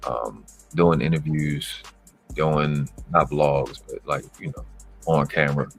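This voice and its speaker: Southern guy rambling to his channel, deep gravelly voice, cursing a lot. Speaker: channel host. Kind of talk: casual talk to camera.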